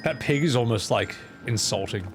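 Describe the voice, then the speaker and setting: A man's voice: medium pitch, expressive, normal speed, over music. A man streaming a game and voicing its scenes, making sarcastic, joking asides. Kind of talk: gameplay commentary.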